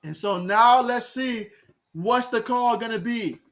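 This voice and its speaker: High, bright-voiced man calling football live. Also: a little slow. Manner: excitable, talks to viewers, reads out chat comments. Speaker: livestream host watching a football game. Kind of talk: live play-by-play commentary.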